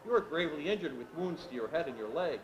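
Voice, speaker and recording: A man voicing a serious, inquisitive young peasant in a read-aloud story, measured and plain-spoken. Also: on the high side, animated, close to an everyday voice. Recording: echoey room with background noise.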